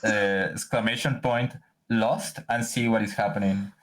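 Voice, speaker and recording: A man's voice: medium pitch, fairly even intonation, normal speed, rough recording. A man co-hosting a podcast in casual chat, rambling with many restarts. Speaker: podcast co-host.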